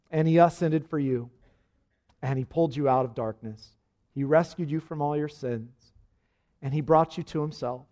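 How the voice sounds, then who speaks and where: A man's voice: medium pitch, warm tone. A male pastor preaching a sermon and then leading a prayer, in an earnest manner.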